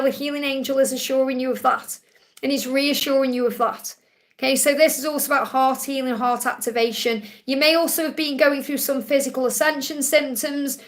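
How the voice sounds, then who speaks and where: This woman has a Stoke-on-Trent accent and a fairly high voice. She hosts a live stream, answering viewers' questions with card readings. She talks gently and reassuringly and repeats her key phrases. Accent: Stoke-on-Trent English. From England.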